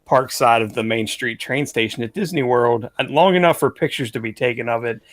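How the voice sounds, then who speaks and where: A man's voice: mid-range voice, brisk, dry recording. Man, podcast co-host, rambling storyteller, lots of "like", dry recording. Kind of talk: casual podcast chat.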